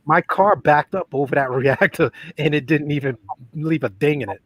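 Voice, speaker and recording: A man's voice: fairly high pitch, moderate pace, no echo. Joking man, dry close sound. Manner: joking, laughs often. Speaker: aquarium podcast co-host. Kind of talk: casual chat.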